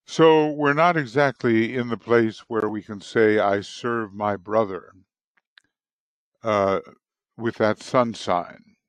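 A man giving an unscripted astrology lecture with a hoarse morning voice, explaining in a halting, deliberate way. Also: mid-range voice, fairly even intonation, dry recording. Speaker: astrology teacher.

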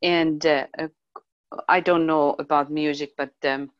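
A woman's voice: deep voice, fairly even intonation, a little slow, dry recording. A woman in a casual discussion who hunts for words with frequent fillers. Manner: searching for words, many fillers. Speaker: discussion participant. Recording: dry, muffled lo-fi sound.

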